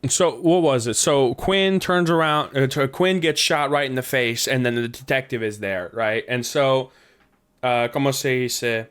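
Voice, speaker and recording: Podcast host, man, mid-pitched, casual and profane, gets worked up easily. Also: unhurried, clean tone. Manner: animated, swearing, ranting. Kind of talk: casual movie chat.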